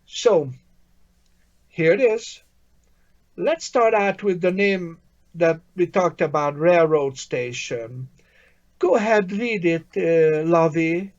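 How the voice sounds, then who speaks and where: Slow, patient male language teacher. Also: fairly high pitch, lo-fi sound. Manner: patient, encouraging, praises often. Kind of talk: online language lesson.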